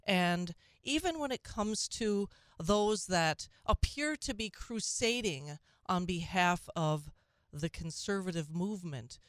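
Smooth-voiced talk radio host woman. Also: lowish voice, dry recording, studio quality. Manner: conversational, with frequent restarts and asides.

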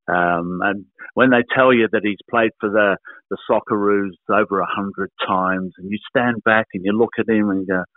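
Animated older Australian man on a tinny line. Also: lowish voice, no echo. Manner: animated, anecdotal storyteller. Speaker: former footballer, guest. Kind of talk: storytelling interview answers. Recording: dry, tinny phone-like radio line.

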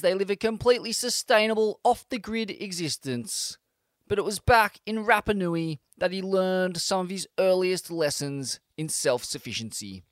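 A man reading scripted narration in a measured storytelling delivery on a close studio mic. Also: sits high, dry recording. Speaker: podcast narrator.

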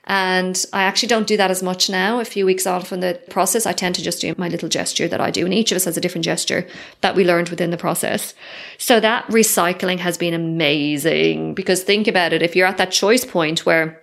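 A woman's voice: on the low side, fairly even intonation, a little fast, creaky. A woman hosting a solo podcast, speaking candidly and effusively and swearing casually. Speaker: podcast host.

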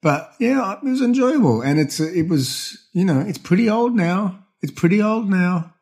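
A man's voice: high-pitched, lively intonation, moderate pace, a little mellow. A man co-hosting a podcast, chatting casually about a film with dry, wry quips. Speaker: podcast co-host.

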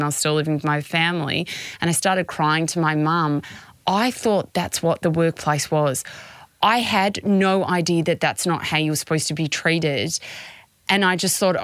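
A woman hosts a podcast interview with a lowish voice. She asks probing questions and shares her own memories with empathy. The recording is dry and close. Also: no room sound. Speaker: podcast host.

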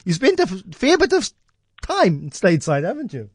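A South African man hosting a morning interview, chatty and halting with frequent restarts. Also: high voice, wildly swooping pitch, breathy edge, no room sound. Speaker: radio host.

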